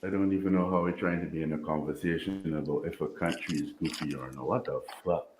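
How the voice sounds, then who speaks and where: A man's voice: extremely low pitch, quick pace. A man arguing indignantly and lecturing the others in a heated casual argument. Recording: echoey room with faint noise.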